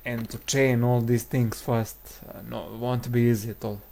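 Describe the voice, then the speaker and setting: A man commentating a live strategy game with his co-hosts, pausing often with hesitant fillers as he works through the numbers. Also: mid-range voice, level tone, mellow. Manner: hesitant, frequent filler pauses.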